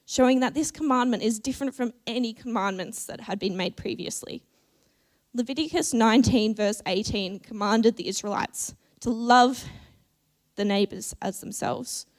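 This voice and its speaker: A woman preaching a church sermon in a measured, earnest way, with deliberate pauses. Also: fairly high pitch, a little mellow.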